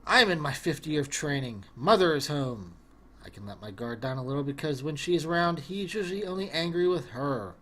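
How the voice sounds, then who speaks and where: A man voicing a troubled young male wizard who recalls his father's abuse in a quiet, halting way. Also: fairly high pitch, lively intonation. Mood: haunted.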